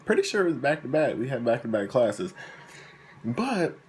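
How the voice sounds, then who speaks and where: A young man in a casual storytime vlog, rambling and poking fun at himself. He keeps circling back with fillers. His voice sits at a middle pitch, with faint noise behind it. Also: very animated, moderate pace. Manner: rambling, self-deprecating, with many fillers. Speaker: vlogger.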